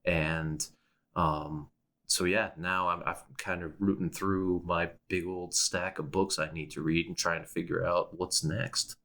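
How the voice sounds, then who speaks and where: Very low-voiced casual podcast co-host man. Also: level tone, a little slow, gravelly, bright, forceful tone. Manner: rambling, self-interrupting, with frequent restarts and laughs. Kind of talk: casual chat.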